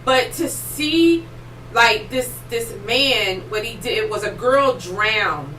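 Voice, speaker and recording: Woman host, excitable rambling storyteller, high bright voice, roomy distant mic. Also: slow pace. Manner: excitable, rambling, many fillers. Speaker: podcast host. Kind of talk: casual storytelling chat. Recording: roomy echo, distant mic, faint noise.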